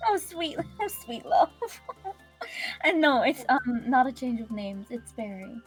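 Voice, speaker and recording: A woman's voice: on the high side, animated, a little slow, faint music behind. A woman in a casual group voice chat, giggling often and talking in an affectionate, doting way. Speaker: voice chat friend.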